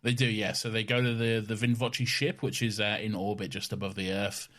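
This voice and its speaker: A man's voice: on the low side, flat delivery, a bit bright. A man co-hosting a podcast in casual chat, wry and laid-back. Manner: wry, laid-back, slips into quick impressions. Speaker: podcast co-host.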